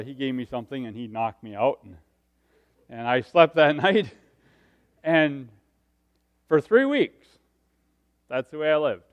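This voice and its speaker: A middle-aged man preaching a sermon, telling personal stories and swinging from hushed asides to loud, animated stretches. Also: mid-range voice, narrow, tinny audio.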